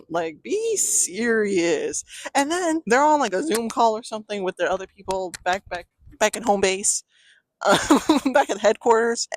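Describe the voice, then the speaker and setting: Young woman vlogger, mid-pitched, dry close sound, snarky profane movie rant. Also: no room sound. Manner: sarcastic, profane, frequently laughing. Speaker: film reviewer. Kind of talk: casual rant-style movie review.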